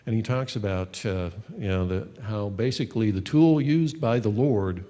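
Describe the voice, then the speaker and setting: Low-voiced man preaching in a reverberant hall. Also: moderate pace, dark tone. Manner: earnest, conversational, reads scripture aloud. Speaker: pastor. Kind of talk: sermon teaching.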